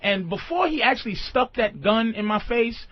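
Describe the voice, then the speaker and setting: A man hosting a radio call-in show, giving blunt, profane advice with animated storytelling, heard through a muffled radio broadcast. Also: very high-pitched, moderate pace, dry recording. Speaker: radio host.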